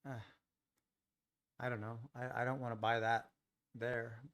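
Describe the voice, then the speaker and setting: Guy doing live trading commentary, talks to himself about setups, mid pitch, easygoing, second-guesses his calls. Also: flat delivery, unhurried, a bit bright. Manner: muses aloud, questions his own trade ideas. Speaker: futures day trader streaming live.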